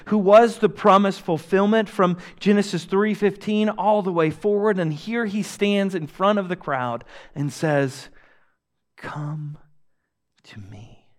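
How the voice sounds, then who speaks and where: A young man delivers a sermon in an earnest, unhurried way. His voice sits a little high for a man, and he lets each phrase land slowly. He swells loud on emphasis, then falls to a hush. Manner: earnest preaching, swings between loud emphasis and soft hushed lines. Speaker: pastor.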